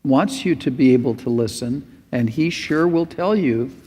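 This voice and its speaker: A man's voice: mid-range voice, normal speed, darkish tone, breathy edge, big-room sound. A man preaching a sermon as pastor, earnest and pleading.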